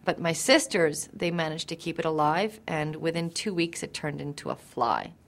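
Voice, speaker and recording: Interview subject, young woman, vivid to-camera story, lowish voice. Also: animated, moderate pace, vocal fry.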